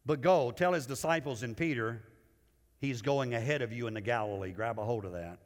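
A male pastor preaching a sermon. He swings between loud, lifted lines and hushed, low ones, and often repeats words as he builds a point. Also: brisk, long reverb tail.

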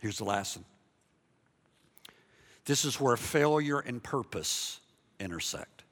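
Pastor guy preaching hard, forceful bright voice, lots of hall echo. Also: medium pitch, expressive, slow. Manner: impassioned, swings between hushed and loud, repeats himself. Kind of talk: sermon.

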